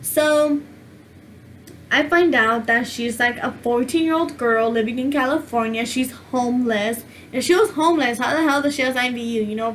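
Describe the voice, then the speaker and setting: Chatty high-voiced woman telling a story. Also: a bit bright, a little hiss or hum. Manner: rambling, chatty, heavy use of "like". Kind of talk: casual storytime chat.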